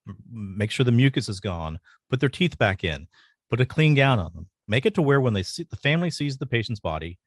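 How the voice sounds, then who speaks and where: A man telling a personal story as a podcast guest, earnest and halting, pausing often. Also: on the low side, no room sound, studio quality.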